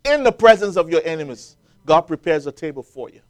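A man's voice: fairly high pitch, sing-song, a little fast. A man preaching a sermon, quoting scripture and building to emphatic, rising peaks as the congregation answers.

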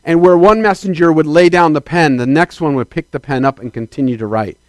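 A man's voice: a little high, fairly quick, no echo. Emphatic preaching pastor, man. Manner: emphatic preaching, swinging between loud declarations and quiet asides; calls out to the congregation for affirmation. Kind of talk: sermon.

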